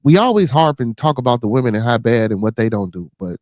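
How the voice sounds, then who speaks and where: Animated, profane Chicago man. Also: mid-range voice, fast talker, no echo, studio quality. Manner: animated, profane storytelling with frequent restarts. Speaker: podcast host. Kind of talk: casual chat.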